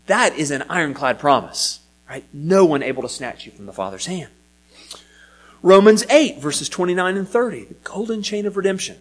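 A man's voice: sits high, animated, moderate pace. A man preaching a sermon that teaches from scripture, with an emphatic delivery that keeps rising and falling and now and then repeats a word. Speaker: pastor.

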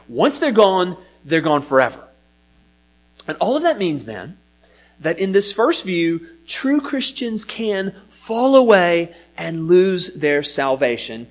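A man preaching a sermon that teaches from scripture, with an emphatic delivery that keeps rising and falling and now and then repeats a word. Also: high voice. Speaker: pastor.

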